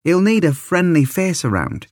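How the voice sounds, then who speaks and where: A man voicing a mother who gently coaxes her son, in a soft, pleading tone. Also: on the high side, big pitch swings, normal speed, dry recording, clean studio sound, pitched above the performer's own voice. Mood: coaxing. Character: coaxing mother, gentle and persuasive.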